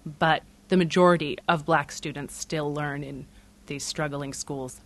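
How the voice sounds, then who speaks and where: A woman who directed a documentary, giving measured, thoughtful answers in an interview. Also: low-pitched, steady tone, a little hiss or hum.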